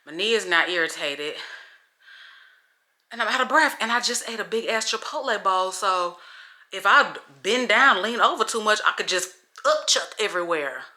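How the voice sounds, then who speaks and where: A young adult woman chatting casually to her viewers in a vlog, telling stories in an animated, profane way. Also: medium pitch, moderate pace. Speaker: vlogger. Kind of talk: casual vlog chat to camera.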